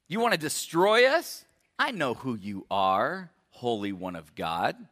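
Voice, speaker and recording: A man's voice: mid-range voice, very animated, unhurried, fairly bright tone, voice pushed down. A man putting on a weird possessed demon voice. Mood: accusing. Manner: weird voice, accusing.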